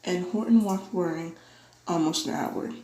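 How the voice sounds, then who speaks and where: A woman reading a children's storybook aloud, giving the characters livelier, higher voices. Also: moderate pace, roomy sound, rough recording. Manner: lively, voices dialogue with pitch jumps. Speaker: audiobook reader. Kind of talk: read-aloud storybook narration.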